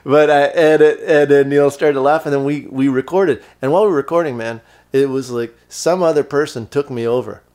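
Excited man telling a story. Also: on the high side, brisk. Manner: animated, breathless, many restarts and fillers. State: emotional, close to tears. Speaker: guest musician. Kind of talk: excited storytelling in a podcast chat.

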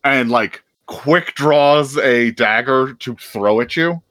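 A man's voice: medium pitch, takes it slowly, a bit bright, dry recording. A man acting as game master, narrating a tabletop game in a laid-back way and chuckling often.

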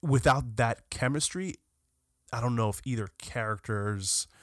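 A man's voice: medium pitch, a little slow, dry recording, clean studio sound. A man co-hosting a podcast, talking casually and animatedly about a film, swearing and restarting sentences often. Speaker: podcast co-host.

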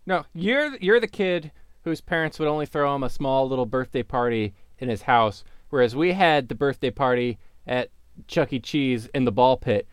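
A man co-hosting a podcast, throwing in quick teasing one-liners in casual chat. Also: mid-range voice, smooth, no echo, clean studio sound. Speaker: podcast co-host.

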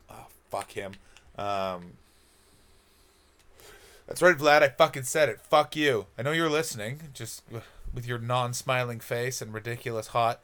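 A man from Canada doing a rambling, profane comic monologue as a podcast host. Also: medium pitch.

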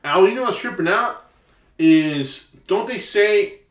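A young man rambling through crude podcast banter, stopping and restarting as he works toward his point. His voice sits slightly high and moves around a lot, and it carries a roomy echo. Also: animated, a little slow. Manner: rambling, hesitant, trails off mid-thought. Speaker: podcast co-host. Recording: echoey room.

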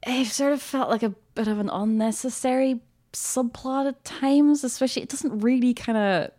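A woman's voice: fairly high pitch, moderate pace, mellow. A woman co-hosting a podcast, chatting enthusiastically about a film with frequent laughter. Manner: chatty and enthusiastic, laughs often, many fillers. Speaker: podcast co-host. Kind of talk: casual film discussion.

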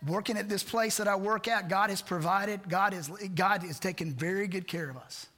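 A man's voice: high voice, moderate pace, sharp tone. A man pastor preaching a sermon, earnest and repetitive, asking rhetorical questions. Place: church sanctuary. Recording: church hall reverb.

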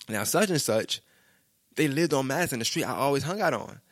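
A man's voice: medium pitch, quick pace, creaky, a bit bright, no echo, studio quality. A young man, telling a rambling street story in casual slang with frequent restarts. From Brooklyn, New York.

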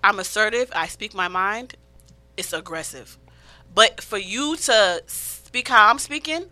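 A woman's voice: medium pitch, unhurried, bright, forceful tone, dry recording. A woman guest on a casual podcast chat, outspoken and assertive, often laughing as she holds her own.

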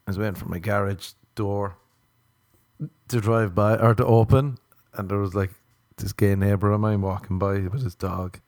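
Young male podcast host, meandering jokey monologue, low and mellow. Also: steady tone, moderate pace, no room sound, studio quality. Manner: self-mocking, meandering, swears casually. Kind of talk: rambling comedic monologue.

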